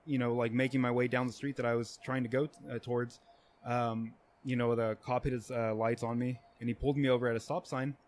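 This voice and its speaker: Young adult man, casual profane storyteller, mid-pitched, filler-heavy. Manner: rambling, profane, many fillers. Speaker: podcast guest.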